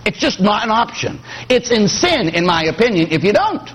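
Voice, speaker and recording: A man's voice: sits high, moderate pace, slightly rough. A middle-aged man from Pittsburgh, a priest preaching a sermon with jokes, acting out quoted voices. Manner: animated, joking, acts out quoted voices.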